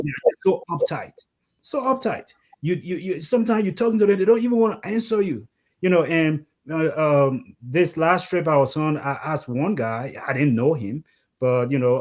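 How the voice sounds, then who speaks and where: Man, co-host, animated storyteller, pitch jumps around, slightly high voice. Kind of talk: casual discussion.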